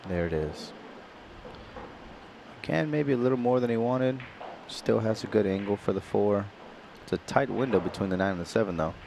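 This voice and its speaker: A man from Singapore giving live pool commentary in a relaxed, chatty way, explaining each shot in detail. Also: lowish voice, moderate pace, vocal fry, noisy background.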